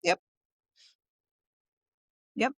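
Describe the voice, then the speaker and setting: A woman's voice: extremely slow, a bit bright, no echo, clean studio sound. A woman co-hosting a podcast in casual chat, candid and laughing often, swearing freely. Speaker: podcast co-host.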